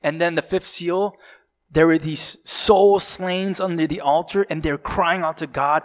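A man's voice: on the high side, steady tone, measured pace. A man preaching a sermon, building dramatic emphasis and sometimes dropping to a whisper, with occasional fillers and self-corrections.

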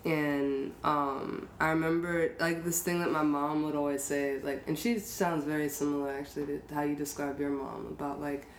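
Low-pitched woman host, casual and storytelling, recorded in an echoey room. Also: normal speed, hardly any pauses. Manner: relaxed, storytelling, laughs easily. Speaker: podcast host. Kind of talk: casual conversation. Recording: roomy echo, faint noise.

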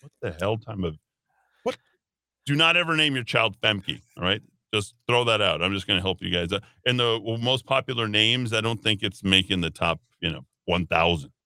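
A man hosting a talk radio show, giving opinionated commentary in an animated, sarcastic, rambling way. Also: fairly low pitch, a little fast, few pauses, no room sound. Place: radio studio.

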